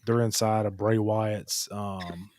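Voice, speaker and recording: A man's voice: fairly low pitch, steady tone, takes it slowly, darkish tone, dry recording, studio quality. A man in his thirties co-hosting a podcast, telling loose, profane, rambling stories in casual chat. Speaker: podcast co-host.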